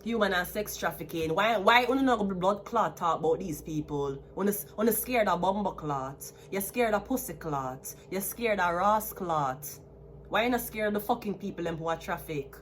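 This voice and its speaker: A Jamaican woman in her thirties talks straight to camera, defiant and swearing freely. She slides between thick patois and plainer English. Her voice sits at an ordinary middle pitch for a woman. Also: animated, moderate pace, slight background noise. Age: 30s. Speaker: tarot reader. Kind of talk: ranting to camera.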